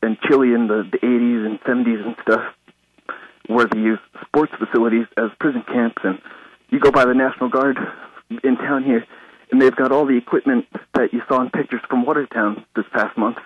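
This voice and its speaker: A man's voice: medium pitch, fairly even intonation, fairly quick, husky, highs cut off. A man calling in to a radio talk show, nervous and rambling. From Alaska. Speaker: caller.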